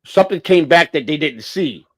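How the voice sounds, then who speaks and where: A man's voice: a little high, animated, normal speed, no room sound. Man swearing through a rambling story. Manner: profane, rambling storyteller with frequent restarts. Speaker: livestream host. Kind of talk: casual storytelling on a livestream.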